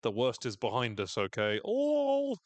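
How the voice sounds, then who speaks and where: A man co-hosting a casual podcast recap, animated and jokey, acting out lines in quick silly voices. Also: fairly low pitch, dry recording. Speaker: podcast co-host.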